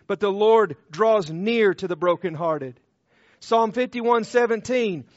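High-voiced impassioned preacher. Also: male voice, dry recording, dull audio. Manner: impassioned, swings between loud proclaiming and hushed low passages; quotes scripture with rhythmic repetition. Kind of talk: sermon.

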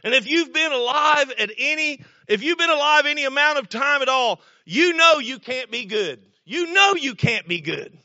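A man preaching a sermon in a folksy, storytelling way, repeating words and now and then breaking into shouts. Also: very high voice, expressive, normal speed, few pauses, dry recording, dull audio. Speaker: pastor.

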